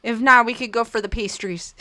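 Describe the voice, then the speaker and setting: A woman's voice: a little high, fairly even intonation, normal speed, pushed and bright, no echo. A young woman hosting a casual livestream, reading viewer comments aloud and giggling often.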